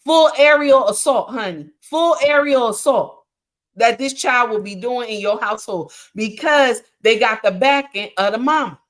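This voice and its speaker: Woman on a livestream, fairly high voice, preachy and animated, keeps saying honey, chats back at the comments. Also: moderate pace. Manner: reacts to chat comments while talking. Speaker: livestream relationship advice host.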